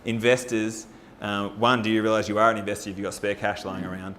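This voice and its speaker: A man giving an energetic, persuasive presentation at a forum, firing rhetorical questions at the audience. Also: on the low side, quick pace, a little hiss or hum. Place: live talk at a farming forum.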